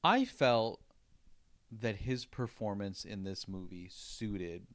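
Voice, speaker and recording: A man co-hosting a podcast, chatting casually about movies, animated and laughing often as he goes off on tangents. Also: lowish voice, slow, no room sound. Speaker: podcast co-host. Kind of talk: casual film chat.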